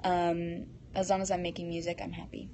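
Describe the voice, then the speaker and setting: A woman's voice: on the low side, completely flat delivery, fairly quick, dark tone, slight background noise. A teenage girl hosting a casual live stream, reading fan comments aloud and answering them in a bubbly, giggly way into a phone.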